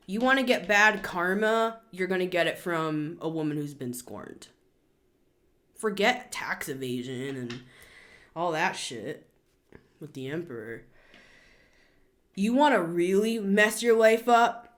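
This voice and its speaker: A woman's voice: animated, a little slow, a bit bright. A woman in her thirties giving a blunt, scolding tarot reading in a casual monologue. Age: 30s. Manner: blunt, scolding, emphatic with sudden high outbursts. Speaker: tarot reader.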